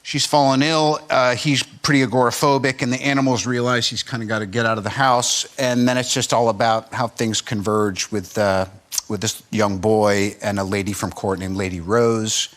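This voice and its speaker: A man's voice: medium pitch, steady tone, moderate pace, fairly bright tone. Wry rambling man. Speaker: guest actor. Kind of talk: talk show anecdote.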